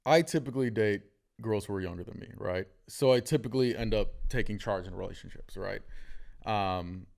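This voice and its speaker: A man's voice: on the low side, brisk, gravelly. A man hosting a podcast, telling stories in casual chat with frequent laughter and fillers. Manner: animated, laughs often, many fillers. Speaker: podcast host.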